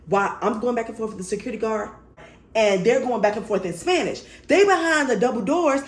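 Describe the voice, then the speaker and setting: A woman tells a story to her viewers in casual storytime fashion, animated, blunt and full of swearing. Her voice sits a little higher than most, and the room around her rings with a clear echo. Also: fairly quick, slight background noise. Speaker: vlogger.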